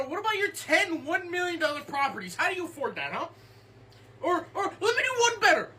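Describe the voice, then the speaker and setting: A woman's voice: bright, forceful tone, heavily acted. A woman voicing a suspicious, sarcastic tax auditor grilling a client. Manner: sarcastic, interrogating, lower than usual. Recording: distant mic with noise.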